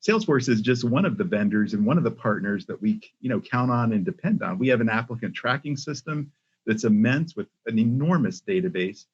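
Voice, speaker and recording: An older man, a company CEO, speaking as a podcast guest in a measured way with many pauses and restarts. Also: medium pitch, lively intonation, husky. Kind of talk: casual interview talk. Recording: muffled lo-fi audio.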